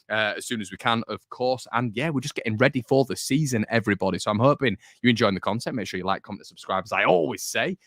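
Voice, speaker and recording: A man's voice: medium pitch, fairly bright tone, no room sound, clean studio sound. A young man from the north of England, hosting a football fan channel in chatty, jokey, rambling talk to camera. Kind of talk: casual chat to camera.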